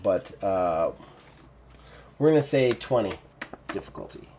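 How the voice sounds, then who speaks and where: A man's voice: low-pitched, lively intonation, a little slow, noisy background. A man running a tabletop game as game master, talking casually and rambling, with lots of fillers.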